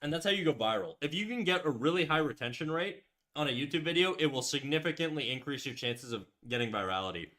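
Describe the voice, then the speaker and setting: A man's voice: a little high, lively intonation, quick pace, pushed and bright. A man hosting a casual livestream while drawing. He rambles and restarts, says "like" often, swears freely, and reads out and answers chat messages. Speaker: livestream host.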